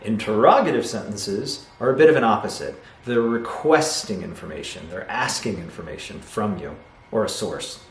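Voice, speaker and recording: A man teaching a video lesson on English grammar, explaining patiently and acting out example sentences. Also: mid-range voice. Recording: roomy echo, faint noise.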